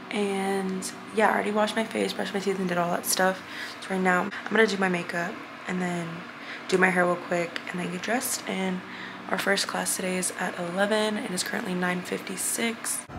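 There's background noise as a young woman with a fairly low voice and vocal fry vlogs to the camera. Holding the phone at arm's length, she chats in a slangy way, using "bro" and "like," while out and about in stores and at her apartment.

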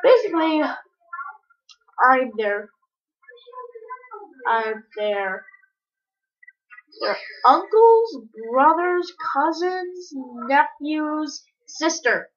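A woman giving casual, rambling commentary while playing a game, breaking into sudden excited yelps. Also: sits high, very slow, pauses often. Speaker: gamer. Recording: dull lo-fi recording.

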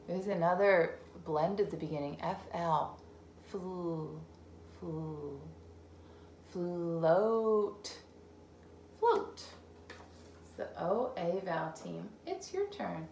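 Slow, encouraging woman teaching phonics. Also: mid-range voice, expressive, creaky, a little mellow, echoey room, slight background noise. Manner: encouraging, sounds out words slowly and repeats them. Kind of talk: phonics game lesson for young children. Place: home room.

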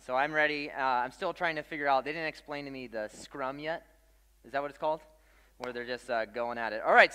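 A young man preaching a sermon as pastor, telling stories with jokes and an animated delivery to a congregation. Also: medium pitch, smooth. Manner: joking, animated storyteller. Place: large church hall. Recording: long hall reverb.

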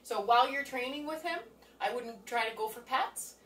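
This woman's voice sits fairly high, with a fairly bright tone and a normal speaking speed. She's a dog trainer giving a relaxed, hands-on demonstration at home, narrating each step of the session. Slight background noise accompanies a roomy, distant recording with faint ambience.

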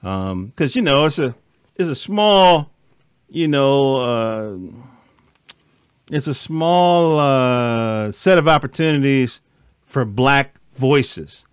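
Smooth-voiced man, dry close sound. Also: medium pitch, animated, slow, dry recording. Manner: laid-back, trailing questions like "you know what I mean". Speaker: host. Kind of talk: casual conversation.

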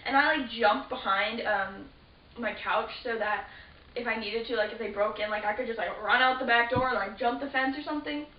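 A teenage girl with a fairly high voice rambles through a story, stacking fillers and restarting her sentences. She sits some way from the mic in a roomy space. The sound is dull and lo-fi under a faint hiss. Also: fairly quick, recorded from a distance. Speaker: vlogger. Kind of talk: casual storytelling to camera.

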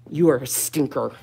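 Slow-talking woman cooing at puppies. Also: rumbling low, creaky, darkish tone, slight background noise. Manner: cooing baby talk to puppies. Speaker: vlogger with puppies. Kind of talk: casual chat.

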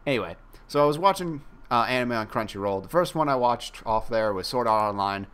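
A man's voice: mid-range voice, lively intonation, brisk, fairly bright tone, clear, resonant tone. A young man chatting casually while playing a game, rambling and mocking himself, with some swearing. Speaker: gaming YouTuber.

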